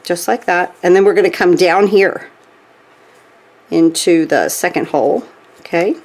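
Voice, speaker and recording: A woman's voice: lowish voice, unhurried, a little mellow. A woman demonstrating a stitching craft step by step, chatty, checking in with "okay?" as she works. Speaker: craft tutorial host.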